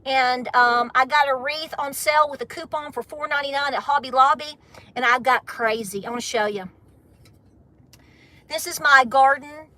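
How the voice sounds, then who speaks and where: Woman, american, live-stream host, chatty and emphatic, crisp bright tone, dry close sound. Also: high voice, normal speed, dry recording. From United States. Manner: chatty, emphatic, repeats points for stress. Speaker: homesteading channel host. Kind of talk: casual live-stream chat.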